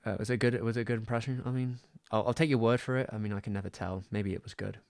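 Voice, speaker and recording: Gravelly-voiced English man rambling. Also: fairly low pitch, fairly even intonation, fast, darkish tone, no echo, studio quality. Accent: West Country English. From Southwest England. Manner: rambling, stumbling, self-deprecating. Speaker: streamer. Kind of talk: casual livestream chat.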